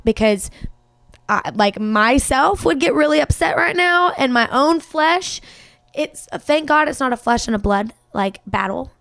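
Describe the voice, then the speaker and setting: A woman's voice: high voice, expressive, measured pace, gravelly, fairly bright tone, dry recording. A young woman, a podcast guest and country singer, talking earnestly about her faith and saying "like" a lot. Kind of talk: casual faith conversation.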